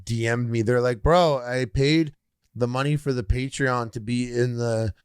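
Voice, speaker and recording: A Canadian man telling a chaotic story on a podcast, his voice neither high nor low. He swears freely and slips into the voices of the people he quotes. The sound is close and dry, with no room echo. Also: fairly even intonation, measured pace, clean tone. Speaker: podcast co-host. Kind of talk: casual storytelling chat.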